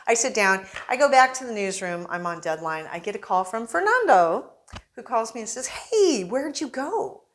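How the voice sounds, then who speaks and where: A woman newspaper reporter, a guest on an interview show, telling animated anecdotes and acting out quotes in casual conversation. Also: mid-range voice, fairly quick. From Arizona.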